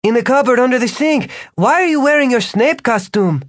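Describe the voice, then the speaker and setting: A man's voice: high voice, lively intonation, measured pace, darkish tone, husky, no echo, clean studio sound, pitched above the performer's own voice, exaggerated voice. A man voicing an anxious middle-aged mother in an audiobook, full of questions.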